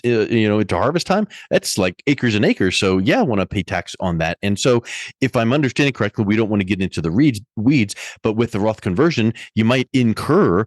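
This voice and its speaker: Male podcast host, very low voice, dry sound, relaxed conversational delivery with analogies. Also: no room sound. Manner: conversational, uses analogies, some fillers. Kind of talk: podcast interview.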